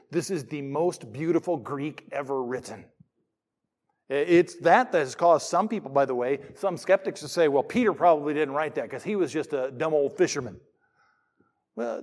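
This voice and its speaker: A middle-aged man preaching a sermon in church, mixing jokes with scripture readings. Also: fairly high pitch. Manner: animated, jokey preacher who reads scripture aloud. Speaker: pastor.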